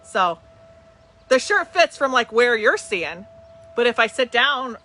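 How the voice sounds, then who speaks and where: A woman's voice: a little high, big pitch swings, measured pace, sharp tone, slight background noise. A middle-aged woman from New Jersey hosting a live webcast as a medium, chatting casually and greeting viewers by name. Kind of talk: casual live-stream chat. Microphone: webcam on a video call.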